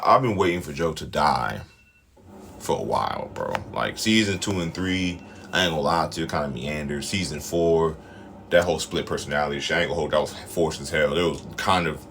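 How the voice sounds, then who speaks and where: Man, very low voice, blunt, profane, emphatic, casual show commentary, faint background noise. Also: a bit bright.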